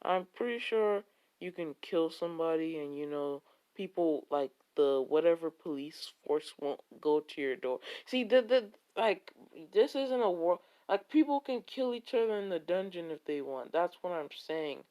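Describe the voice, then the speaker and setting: A man's voice: fairly high pitch, expressive, normal speed, darkish tone, clean tone. A man telling an improvised fan fiction story, rambling and full of filler words.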